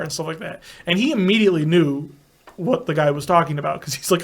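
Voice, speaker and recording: A man's voice: on the high side, quick pace. A young man on a casual podcast, telling crude prank-call stories with a lot of swearing. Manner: animated, profane prank-call storyteller. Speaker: podcast co-host. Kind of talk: casual chat, storytelling.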